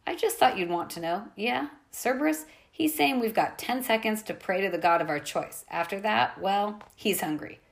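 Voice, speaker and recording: A woman voicing a nervous teenage boy satyr sidekick, in a hesitant, halting delivery, for an audiobook reading. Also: mid-range voice, animated, vocal fry.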